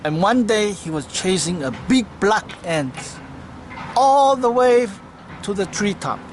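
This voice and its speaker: A man's voice: sits high, expressive, normal speed, a little hiss or hum. A man giving an earnest spiritual talk and telling a parable, in simple phrasing with slips of grammar, recorded outdoors in a city. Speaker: Hare Krishna devotee.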